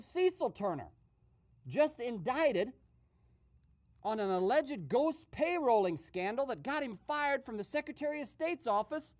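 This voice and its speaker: Woman doing a jumpy gossipy guy radio host, kinda high voice, super lively up and down. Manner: gossipy running commentary with exclamations. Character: excitable male eavesdropping radio host. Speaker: host and narrator. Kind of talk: comedic radio sketch narration.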